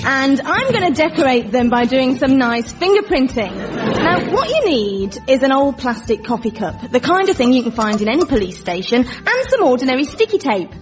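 A woman walks through a mock craft demonstration in a cheerful presenter manner. Her voice is high and bounces around a lot. The sound is dull, with clear music playing behind her. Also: sing-song, normal speed, a crowd in the background. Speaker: comedy sidekick doing a demonstration.

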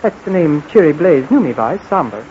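Johnny Samba, a boastful British officer. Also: male voice, fairly high pitch, sing-song, a little fast. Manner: chatty and boastful. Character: smooth-talking British officer, flirtatious and boastful. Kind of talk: 1940s radio acting. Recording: dull old radio recording with faint hiss.

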